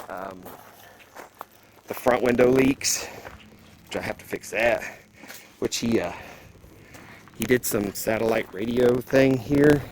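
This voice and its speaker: This car audio vlogger has a lowish voice, caught in poor audio with slight background noise. Out of breath, he circles a car outside and rambles plainly to viewers, calling them "guys" and laying out his plans for the vehicle in a casual walkaround vlog.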